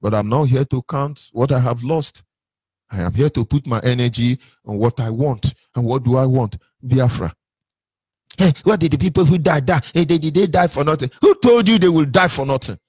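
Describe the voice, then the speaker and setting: A Nigerian-accented man with a mid-range, slightly breathy voice gives an impassioned address to listeners on a call-in line as a movement speaker. He preaches and fires off rhetorical questions, recorded in dry, studio-quality sound.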